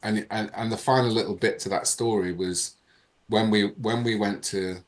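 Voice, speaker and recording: A man, a podcast guest, telling a personal story in a lively, animated way. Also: fairly low pitch, normal speed. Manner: animated, reenacts dialogue in changing voices. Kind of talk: casual storytelling.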